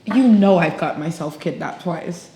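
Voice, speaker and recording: A woman's voice: lowish voice, unhurried, mellow. A woman hosting a podcast in casual chat, bubbly, giggly and profane. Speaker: podcast host. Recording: echoey room, faint noise.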